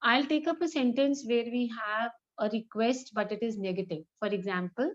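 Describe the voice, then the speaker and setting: A woman teacher runs a lesson, her voice sitting a little high. She praises her students and slowly repeats each example sentence. The audio is muffled and lo-fi. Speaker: English teacher. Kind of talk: online grammar class with students.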